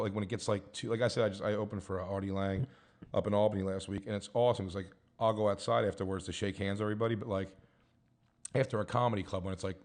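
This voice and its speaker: A man, a guest comedian, rambling through stories in casual chat and acting out the people he quotes in higher voices. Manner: rambling storyteller, acts out quotes in higher voices, laughs a lot.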